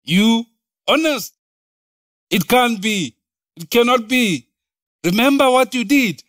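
A woman's voice: a little high, lively intonation, slow pace, no room sound, studio quality. Scornful inner voice, as a woman preacher puts it on. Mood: taunting. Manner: taunting, dismissive. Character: mocking negative inner voice, scornful.

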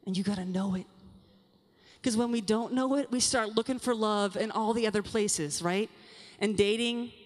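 A young woman speaking to a women's session at a youth conference, animated and confiding, talking straight to the audience. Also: mid-range voice, normal speed. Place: large conference hall. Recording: long hall reverb from a large venue.

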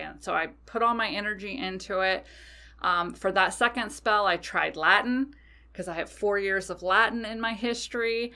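A woman's voice: medium pitch, normal speed, sharp tone. A woman hosting a podcast, telling a personal story casually and animatedly, swearing freely. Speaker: podcast host.

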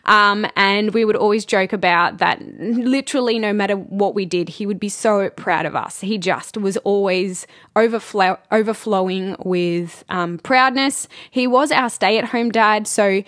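A woman in her thirties, a spiritual intuitive hosting a personal podcast, speaking gently and reflectively with many pauses and fillers. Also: medium pitch, no echo, studio quality.

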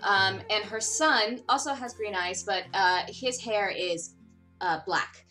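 A woman playing in a tabletop game, describing her character in a halting way with many fillers. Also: medium pitch, sharp tone, faint music behind, rough recording. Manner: hesitant, lots of fillers. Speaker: player. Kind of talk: casual game chat.

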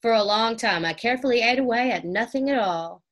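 Reading a storybook aloud, a woman takes on the part of a kind, keen older boy, pitching him fairly high and keeping things brisk with only light acting. Cheerful and proud, he lifts his voice whenever his news gets exciting.

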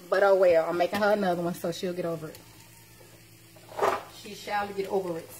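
A woman's voice: on the low side, steady tone, a little fast, background noise. A woman cooking at home on a live stream, chatting and teasing as she talks to her viewers. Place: home kitchen. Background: clatter of dishes and cutlery.

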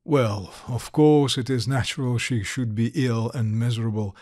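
A man reading a big bearded father who speaks softly and pleads with his sick daughter. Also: mid-range voice, steady tone, moderate pace, dry recording, clean studio sound, natural voice. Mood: defensive. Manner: soft, pleading, apologetic.

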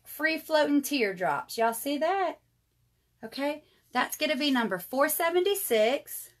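On a live jewelry sales stream, a woman in her 30s chats with her viewers and calls them y'all. Her voice is a little high and a bit bright.

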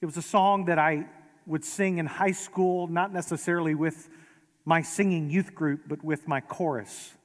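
A man preaching a sermon as pastor, conversational and gently humorous, in a large church sanctuary. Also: a little high, fairly even intonation, moderate pace. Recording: long reverb of a large hall.

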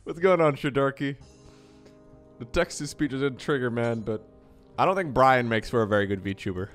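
A man chatting casually and jokingly on his live stream, animated and playful. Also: normal speed, soft background music. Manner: joking, animated, with playful high-pitched squeals.

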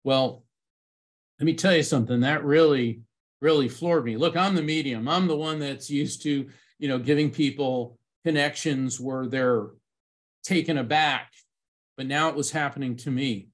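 A middle-aged man speaking as a medium at a conference, telling a personal story with lively acted-out moments. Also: medium pitch, moderate pace. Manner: animated storyteller, acts out quoted voices.

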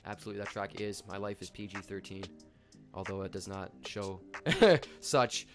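A young man from Canada hosting a live stream, chatting excitedly in slang and greeting viewers by name. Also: sits low, normal speed, over music. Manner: hyped, slangy, shouts out chat viewers by name. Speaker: livestream host. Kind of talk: casual live stream chat.

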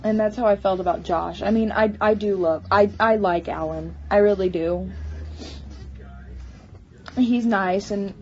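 A woman talking in a casual personal vlog, halting with many restarts and stammers. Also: medium pitch, a little mellow, a little hiss or hum. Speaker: vlogger. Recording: slightly muffled home recording.

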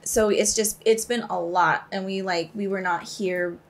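A young woman co-hosting a reaction channel, chatting casually and filling pauses with um and like. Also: medium pitch, fairly even intonation, a little hiss or hum. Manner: chatty, laughs along, fills with um and like. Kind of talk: casual chat.

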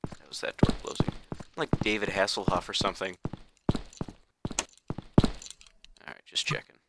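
A man's voice: sits low, moderate pace, very noisy. A young man giving casual, jokey commentary while playing a horror game, given to panicky outbursts and repeating himself. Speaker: gameplay YouTuber. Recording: loud game music behind voice. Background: horror game music and sound effects.

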